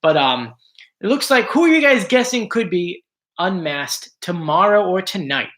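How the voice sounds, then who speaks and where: A man's voice: high-pitched, sing-song, normal speed, a bit bright. A man hosting a casual live stream from home, chatting and greeting viewers by name, his voice a little strained. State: slightly strained voice.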